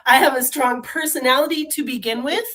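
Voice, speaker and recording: A woman with a bright, high voice, speaking with the full force of a trained singer. She talks fervently and bluntly, swearing freely as she makes her case in casual conversation. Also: a little fast, a crowd in the background, rough recording. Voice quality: trained, strong voice. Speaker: podcast guest. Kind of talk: impassioned conversational rant.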